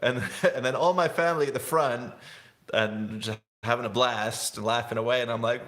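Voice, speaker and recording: A man's voice: mid-range voice, very animated, moderate pace, vocal fry, fairly bright tone. A young man from England, hosting a casual snowboard livestream, chatting in a rambling, laid-back way with frequent laughs. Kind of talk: casual live-stream chat.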